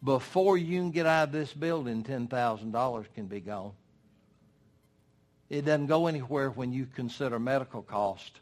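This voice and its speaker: Older man, sermon, folksy, emphatic, mid-pitched voice. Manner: emphatic, folksy preaching with dramatic pauses. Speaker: preacher.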